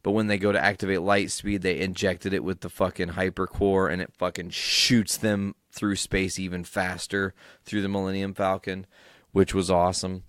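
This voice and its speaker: A young man hosting a podcast alone, recapping excitedly, rambling and swearing freely. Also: deep voice, moderate pace, no echo, studio quality. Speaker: podcast host. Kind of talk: casual solo recap.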